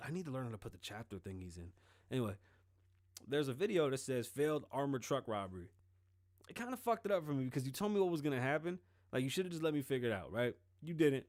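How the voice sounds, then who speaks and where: Man, podcast host, casual monologue, swears a lot, lively storyteller, mid-pitched voice, dry sound. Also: no room sound. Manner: profane, animated storytelling.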